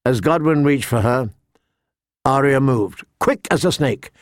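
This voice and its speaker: A man reading a fantasy novel aloud as narrator, steady and shifting pace with the action. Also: medium pitch, unhurried, no room sound, studio quality. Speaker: audiobook narrator. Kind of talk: scripted narration.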